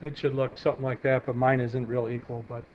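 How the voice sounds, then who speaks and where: A male math teacher lectures in a classroom, talking fast in a mid-range, level voice as he draws on the board. He walks students through each step and asks them questions. The lo-fi recording is dull, echoey, and carries a faint hiss.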